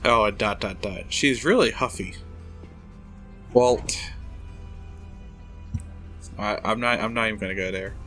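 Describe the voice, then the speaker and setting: A man's voice: fairly low pitch, unhurried, long pauses, a bit bright, faint music behind. A man hosting a casual let's play, reading game dialogue aloud and rambling with wry asides. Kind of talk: casual gameplay commentary.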